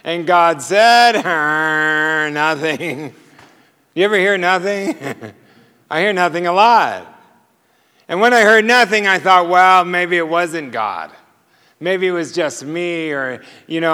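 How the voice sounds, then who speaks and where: High, bright man preaching in a hall. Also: slow, clean tone. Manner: animated storyteller who chuckles at his own punchlines. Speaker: preacher sharing testimony. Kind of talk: storytelling sermon. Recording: long hall reverb.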